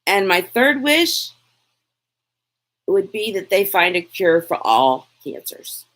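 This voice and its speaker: A woman's voice: mid-range voice, slow pace. A woman, chatting casually on a live stream from her phone and answering viewer questions. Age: 40s. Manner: chatty, lively, laughs often, reads comments aloud. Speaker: lifestyle vlogger, live Q&A host.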